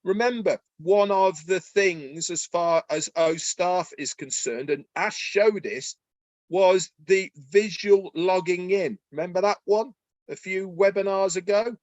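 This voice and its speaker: A man with a high, bright voice, talking with eager excitement as he co-hosts a webinar. He speaks in a folksy way and keeps asking rhetorical questions. The sound is close and dry, with no room around it. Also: measured pace, dry recording, muffled recording. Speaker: webinar co-host. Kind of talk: enthusiastic promotional webinar talk.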